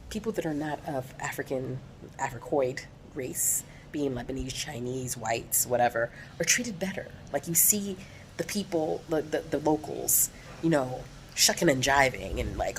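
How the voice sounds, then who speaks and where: Low-voiced outspoken American woman vlogger. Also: animated, moderate pace, a little hiss or hum. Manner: outspoken, emphatic complaints. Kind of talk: casual opinion vlog.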